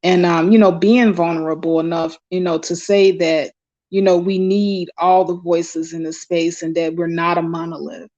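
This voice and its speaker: Woman host, casual live call-in stream, effusive and halting, muffled lo-fi sound. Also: lowish voice, level tone, darkish tone. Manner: effusive, many fillers and restarts. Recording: dull lo-fi stream audio.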